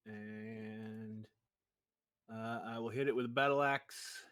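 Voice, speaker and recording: A man's voice: on the low side, fairly even intonation, slow pace, a bit bright, clear, resonant tone. A man playing a tabletop game online, chatty and playful, with lots of ums as he works through his turn. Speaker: player.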